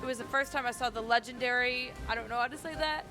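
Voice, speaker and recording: A woman streamer reading a game's story aloud dramatically and translating its dialogue, with excited asides. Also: a little high, fast, few pauses. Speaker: gaming streamer. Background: loud game music.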